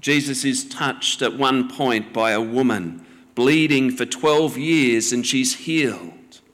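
A man preaching a sermon in a measured, gently teaching way. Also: mid-range voice, long reverb tail.

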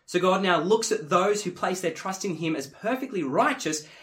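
A man delivers a sermon in a fairly high voice that rises and falls a great deal. He is earnest and emphatic, dropping low and quiet before pressing key words hard. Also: lively intonation, moderate pace. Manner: earnest, emphatic, swings from hushed to forceful. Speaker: preacher.

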